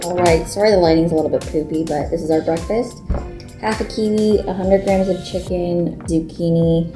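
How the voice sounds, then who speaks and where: Talking casually to camera with music in the background, a young woman who competes in bodybuilding tells stories full of "like" and acts out the reactions of others. She speaks at normal speed with a fairly low pitch and fairly even intonation.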